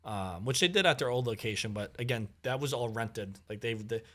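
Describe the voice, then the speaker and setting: A man telling a long story as a podcast guest in casual conversation, animated and full of fillers. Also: medium pitch, a little fast. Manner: animated, acts out quoted dialogue, many fillers.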